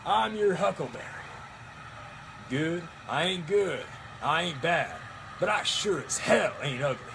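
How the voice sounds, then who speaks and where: A man's voice: a little high, animated, measured pace, vocal fry, background noise, pitched above the performer's own voice. A man doing a drawling cocky cowboy gunslinger.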